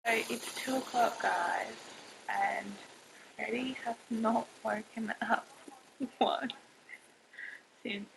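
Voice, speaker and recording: A young woman, a new mother, chatting casually to camera at home, talking slowly with a gravelly edge. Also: fairly high pitch, fairly even intonation, background noise. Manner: chatty, talks to her baby in a sing-song voice. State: tearful. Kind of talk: casual vlog chat.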